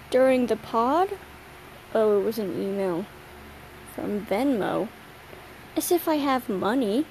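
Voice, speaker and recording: Tired young woman chatting slowly. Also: on the high side, mellow, slight background noise, low-quality recording. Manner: rambling, slangy and self-mocking, yawning between thoughts. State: tired late at night. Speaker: podcast host. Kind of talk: casual solo chat.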